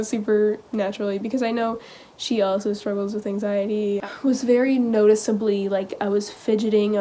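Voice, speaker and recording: A teenage girl vlogging, telling a personal story in a halting, casual way full of "like" and "um.". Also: mid-range voice, dark tone, slight background noise. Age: teens. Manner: hesitant, halting, heavy use of "like" and "um".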